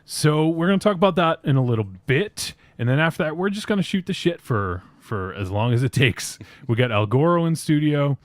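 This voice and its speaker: A man's voice: fairly high pitch, expressive, fairly quick, hardly any pauses, no room sound. A man hosting a podcast in casual, joking chat, laughing often and trailing off with uh. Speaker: podcast host and producer.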